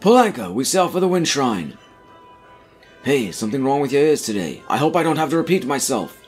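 A man's voice: medium pitch, sing-song, slightly rough, faint music behind. A man voicing a swaggering, sly pirate captain who talks down to his captives. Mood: commanding. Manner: mocking, commanding, drawn-out sea-dog talk.

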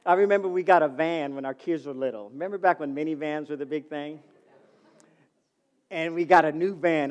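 A middle-aged man preaching a sermon as pastor, calling out to the congregation and swinging from loud to soft. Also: on the high side. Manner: calls to the congregation.

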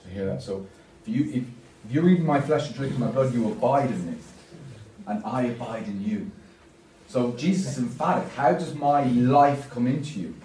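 Deacon guy giving a parish talk, quizzes the crowd, dark mellow tone, roomy echo. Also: medium pitch, moderate pace, slight background noise. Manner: emphatic, asks the audience questions. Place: church. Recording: echoey church from far off.

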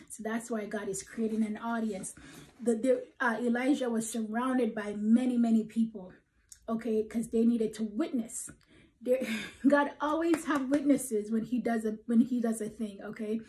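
A woman's voice: a little high, steady tone, unhurried, mellow, poor audio. A woman preaching a prophetic encouragement message, emphatic and repeating "okay?", sometimes dropping to a whisper. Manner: emphatic, tags "okay?" after points, drops to whispers.

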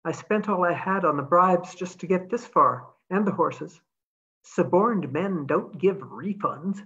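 A woman's voice: lowish voice, measured pace, fairly bright tone, dull audio. A woman reading aloud, voicing a determined young woman who talks urgently and pleads.

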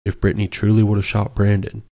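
A man voicing a steady, logical cowboy. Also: lowish voice, fast, natural voice. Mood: reasoning. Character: tough young cowboy protector, level-headed.

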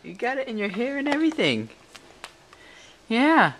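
A young father chatting casually for a family vlog, bursting into excited high baby talk with his kids. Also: normal speed, background noise.

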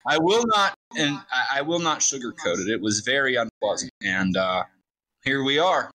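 A man's voice: mid-range voice, animated, moderate pace, sharp tone, low-quality recording. A man voicing a blunt, muscular male adventurer in an online tabletop game.

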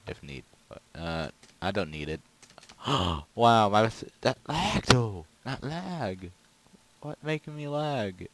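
A man giving casual, rambling gameplay commentary with goofy, excitable outbursts. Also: on the low side, slight background noise, rough recording. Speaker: gaming video creator.

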